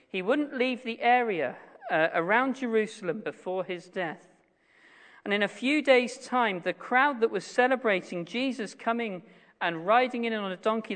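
Guy preaching, earnest, slows right down and goes quiet on the big lines, long echo off the hall. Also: sits high. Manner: earnest, slows and drops to a hush on key phrases. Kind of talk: sermon.

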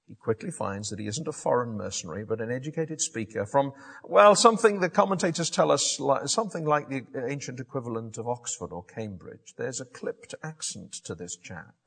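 A man preaching a sermon, telling a Bible story in an animated way with frequent restarts and self-corrections. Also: mid-range voice, a little fast, vocal fry, slightly rough.

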